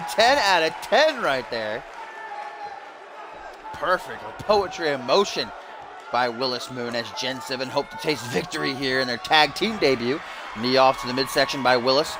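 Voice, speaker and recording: A young man doing mock play-by-play commentary over a wrestling video game, bursting into shouts at big moves. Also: mid-range voice, lively intonation, moderate pace. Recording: loud game crowd and noise behind. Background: loud arena crowd and game sounds.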